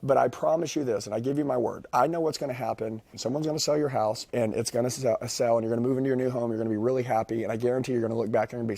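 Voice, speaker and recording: A man making a rambling, insistent sales pitch over the phone to a customer. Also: fairly even intonation, rapid-fire, vocal fry, hardly any pauses, mellow, no echo. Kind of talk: high-pressure sales pitch.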